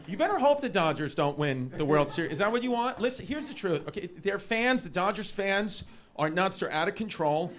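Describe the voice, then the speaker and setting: A man with a New York accent doing a rambling, animated stand-up set in a comedy club, shouting some punchlines. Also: high-pitched, a little fast. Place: comedy club with a laughing audience. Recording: live club recording with audience noise.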